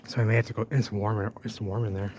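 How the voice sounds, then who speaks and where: A man narrating as he walks through an old drained canal, talking excitedly to the camera. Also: lowish voice, fast talker. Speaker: urban explorer vlogger. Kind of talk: handheld walking commentary. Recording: noisy outdoor ambience.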